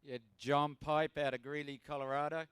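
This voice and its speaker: A male race driver originally from New Zealand, relaxed and friendly as he introduces himself. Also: a little high, moderate pace, smooth, no echo.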